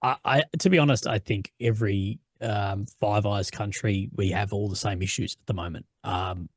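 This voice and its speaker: An Australian host with a lowish voice, recorded close and dry with no room sound. He talks in a casual, halting way, restarting his sentences and leaning on fillers. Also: steady tone, dry recording. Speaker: host, former infantry soldier. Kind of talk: casual interview chat.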